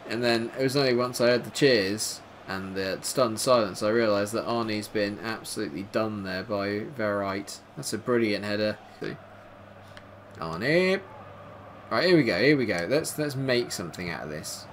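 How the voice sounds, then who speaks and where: A young man commentating his own football video game, calm between plays and shouting when goals go in. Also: lowish voice, moderate pace, a little hiss or hum. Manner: excitable, shouts at goals, dry jokes. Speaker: gaming YouTuber. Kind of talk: gameplay commentary.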